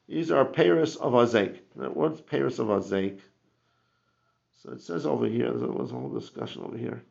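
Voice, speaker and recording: A man's voice: medium pitch, creaky, darkish tone. A man teaching a Talmud class, explaining with rhetorical questions and frequent restarts. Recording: muffled lo-fi classroom recording.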